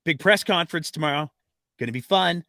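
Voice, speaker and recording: A man's voice: on the high side, brisk, bright, forceful tone, no echo, studio quality. A man hosting a casual political podcast, playful and wry, steering the talk with questions. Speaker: podcast host.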